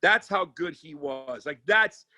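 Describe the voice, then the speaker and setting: A man who works as a sports agent and comedian, telling stories in casual chat, animated and profane, with many restarts. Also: a little high, a little slow, no room sound.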